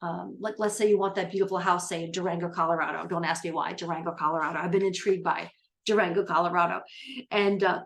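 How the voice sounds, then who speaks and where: A woman's voice: fairly low pitch, steady tone, fast talker, creaky, a bit bright. A middle-aged woman life coach giving a casual, upbeat motivational talk, rambling a little with fillers and restarts.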